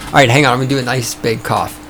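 A man hosting his own podcast, talking in a sarcastic, profane, ranting way, his voice starting to go hoarse. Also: mid-range voice, fairly even intonation, very fast, fairly bright tone, slight background noise. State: voice going hoarse. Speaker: podcast host. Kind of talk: casual opinionated podcast monologue. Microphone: studio microphone.

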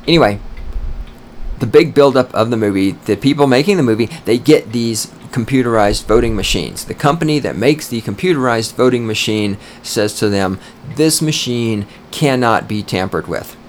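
A man hosting a podcast, delivering an emphatic, opinionated monologue with swearing, slowing down to stress key points. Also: fairly low pitch, lively intonation, a little hiss or hum. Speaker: podcast host.

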